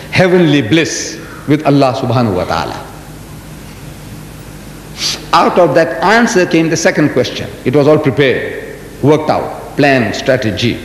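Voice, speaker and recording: An Islamic lecturer in his seventies speaks animatedly to a live audience, telling stories, asking rhetorical questions, and jumping emphatically in pitch. The hall has a roomy reverb and a faint rumble in the background.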